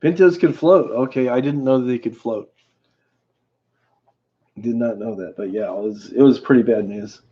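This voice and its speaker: A man hosting a livestream, telling a story in a casual, rambling way with many halting restarts. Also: medium pitch, fairly even intonation, husky. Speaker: livestream host. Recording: dull lo-fi stream audio.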